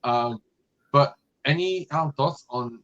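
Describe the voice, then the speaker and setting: A man's voice: mid-range voice, slow, a bit bright, highs cut off. A man hosting a casual fan podcast, talking in a rambling way with lots of fillers and restarts. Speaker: podcast host.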